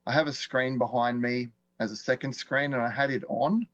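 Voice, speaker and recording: An Australian man teaching a live online class in a chatty, relaxed way, quizzing viewers and chuckling often. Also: medium pitch, normal speed, no room sound. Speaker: online course instructor. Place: indoors at a desk with screens. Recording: dull, dry lo-fi stream audio.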